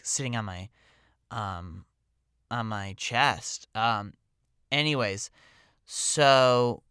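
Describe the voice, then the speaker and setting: Male podcast storyteller, chatty and meandering, crisp bright tone, close dry sound. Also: fairly low pitch, dry recording. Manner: rambling, full of "like" and "um". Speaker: podcast host telling a personal story. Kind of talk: casual storytelling monologue.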